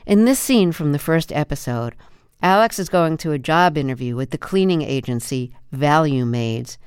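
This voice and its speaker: A woman radio interviewer narrating a measured, clear introduction before a conversation with her guest. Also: low voice, lively intonation, darkish tone, dry recording, clean studio sound.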